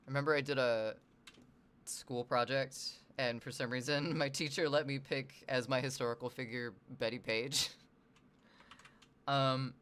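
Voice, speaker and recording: A casual livestreamer from the US Northwest rambles from thought to thought in a medium-pitched, fairly bright, clean voice, reading chat messages out along the way. He keeps it loose and offhand, swearing casually.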